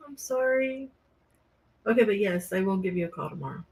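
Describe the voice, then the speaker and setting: A woman's voice: medium pitch, expressive, fairly quick, a little mellow. A woman co-hosting a live podcast, chatting in light, teasing banter. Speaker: podcast co-host. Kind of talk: casual live podcast chat.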